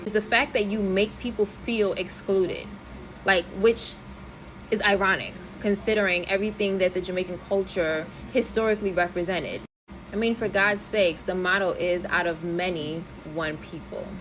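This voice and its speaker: A woman's voice: medium pitch, fairly even intonation, a bit bright, slight background noise, low-quality recording. Earnest American woman reflecting. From United States. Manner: earnest, reflective, speaks in measured phrases. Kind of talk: personal commentary to camera.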